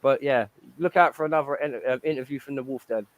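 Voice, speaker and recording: A man's voice: medium pitch, fast, rough recording. A man, co-hosting a casual, jokey chat. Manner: playful, jokey, laughs often. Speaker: co-host.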